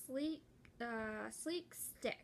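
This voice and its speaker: A young woman chatting casually and excitedly while opening a gift at home, rambling with lots of fillers and restarts. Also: fairly high pitch, drawn-out words, creaky, slight background noise. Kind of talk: casual unboxing chat.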